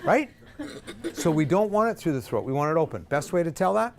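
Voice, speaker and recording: A middle-aged man directing a choir, coaching vowels and pitch and singing example notes himself, with jokey asides. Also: big pitch swings, fairly quick. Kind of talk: vocal warm-up lesson. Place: rehearsal room with a choir.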